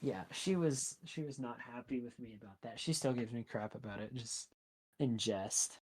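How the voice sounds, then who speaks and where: A man chatting casually as a podcast guest, telling stories in an animated way and leaning on "like" and "right?". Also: mid-range voice, moderate pace, husky.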